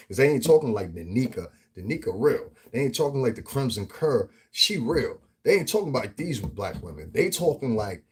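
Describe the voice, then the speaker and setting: Brief: husky male vlogger from the US Northeast, profane, animated, ranting commentary. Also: mid-range voice. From Northeastern United States. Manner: profane, animated, laughs often, acts out quotes. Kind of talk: casual commentary rant.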